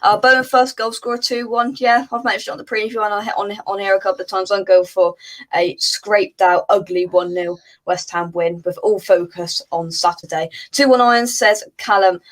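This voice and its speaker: A woman's voice: medium pitch, steady tone, moderate pace, rough recording. A woman hosting a live football fan show, chatting casually and reading out viewer comments with plenty of filler words.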